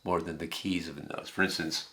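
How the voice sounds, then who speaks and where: In a low-pitched voice with fairly even intonation, a middle-aged songwriting teacher moves at a fairly quick clip. His workshop is a conversational lecture punctuated by demonstrations at the piano.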